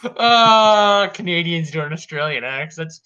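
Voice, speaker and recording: Bright-voiced guy hosting a podcast, swears constantly, crude jokes, muffled lo-fi mic. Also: on the high side, expressive, slow pace, a little hiss or hum. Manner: crude, profane joking. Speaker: podcast host. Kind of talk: casual podcast chat.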